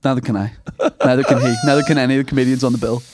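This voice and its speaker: A man hosting a casual podcast chat, quick and laughing. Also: medium pitch, steady tone, background noise. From Northern Ireland. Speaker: podcast host.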